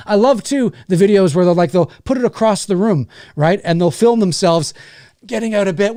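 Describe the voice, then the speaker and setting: A man's voice: sits high, moderate pace, dark tone, no room sound, studio quality. Rambling man, swearing. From Canada. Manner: rambling, profane, frequent restarts. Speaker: YouTube host. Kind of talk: casual livestream rant.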